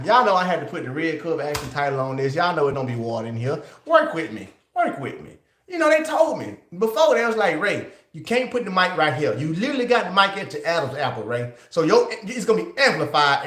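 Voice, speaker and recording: A male livestream host who talks straight to his chat in an excitable, casual way. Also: fairly high pitch, reverberant.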